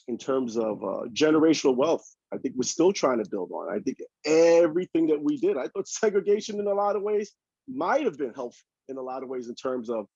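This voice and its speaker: A man's voice: mid-range voice, vocal fry, mellow, slightly rough, dry recording, dull audio. A man speaking as a panelist in a fervent panel talk, asking rhetorical questions, heard over a video call.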